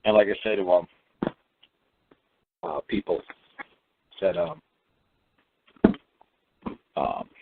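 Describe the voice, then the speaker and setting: A man's voice: sits low, sing-song, slow, gravelly, long pauses, heavy background noise. A man hosting a talk show, giving advice in a folksy, rambling, plain-spoken way. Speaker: host. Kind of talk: casual advice monologue. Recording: tinny phone-line sound.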